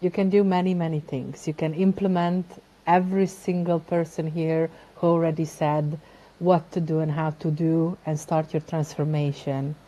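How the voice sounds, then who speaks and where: A woman coach answering a talk show question in a hesitant, measured way. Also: low-pitched, flat delivery, dark tone, rough recording.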